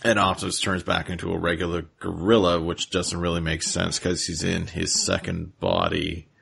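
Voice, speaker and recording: A man's voice: sits low, level tone, normal speed, vocal fry, a bit bright, breathy edge. A male podcast host recapping a cartoon episode in a laid-back, rambling way.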